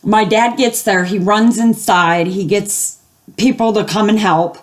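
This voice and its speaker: A woman's voice: medium pitch, steady tone, a little slow. An older woman telling a long story casually at home, rambling with fillers and acting out the voices of the people she quotes. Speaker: gaming video host.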